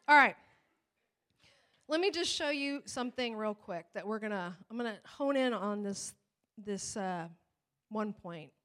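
Woman pastor preaching, bit high voice, really animated, does all the voices in her story. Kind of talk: sermon.

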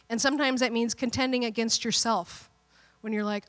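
Woman preacher with a fairly high voice, playful and lively, acting out quotes. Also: a little fast. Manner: animated, playful, acts out quotes. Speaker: pastor. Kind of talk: sermon.

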